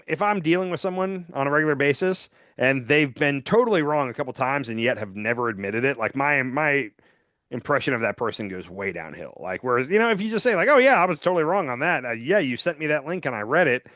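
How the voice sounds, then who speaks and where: A man co-hosting a political podcast, talking casually and acting out quotes in a lively way. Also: mid-range voice, dry recording, studio quality. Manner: animated, quick to act out quotes. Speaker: podcast co-host.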